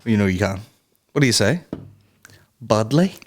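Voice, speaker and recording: Speaking at a moderate pace in a lowish voice, this podcast host trades casual comic banter. He's animated, swears, cracks jokes and puts on silly voices.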